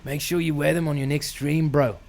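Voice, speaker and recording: A man's voice: a little high, fairly even intonation, fairly quick, a little mellow, slight background noise, close to an everyday voice. A man doing a put-on for a brash, sulky young male tennis star who talks slangy and drawn out. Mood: earnest.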